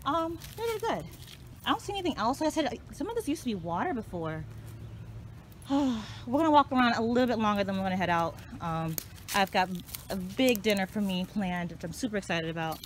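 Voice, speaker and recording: A woman vlogging outdoors, chatting easily to her viewers and calling them y'all while she walks her dogs. She talks to the camera on a handheld phone, and steady outdoor noise runs under her voice. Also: mid-range voice, quick pace. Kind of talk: casual vlog chat. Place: outdoors on a hiking trail, then a home yard.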